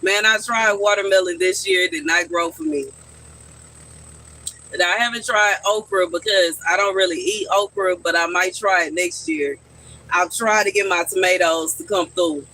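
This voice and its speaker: A man's voice: high-pitched, steady tone, moderate pace, pushed and bright, a little hiss or hum, rough recording. A man chatting casually on a live stream from his backyard garden, answering his viewers' questions.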